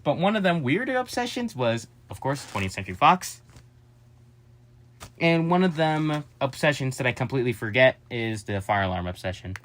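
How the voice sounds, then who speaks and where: A man rambling to his viewers in a casual vlog, addressing them constantly and hopping between subjects. His pitch swings up and down animatedly, and his delivery stays scattered and playful. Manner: excitable and scattered, jumping between topics; addresses viewers as "guys", quick asides and joking. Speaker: vlogger.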